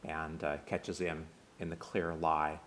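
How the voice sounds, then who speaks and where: A man with an American accent giving a conversational sermon, retelling a film scene with many small pauses. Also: extremely low pitch, monotone, fairly bright tone, slight background noise. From United States. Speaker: synagogue speaker.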